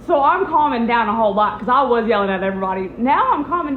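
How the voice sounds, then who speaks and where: A young woman with a high, bright voice tells a personal story in a loose, chatty way. She acts out other people's lines with sudden jumps in her voice. The sound is a bit muffled and echoes off the room. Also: quick pace, hardly any pauses, slight background noise. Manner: animated, acts out quotes with big pitch jumps. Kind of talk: casual storytime vlog.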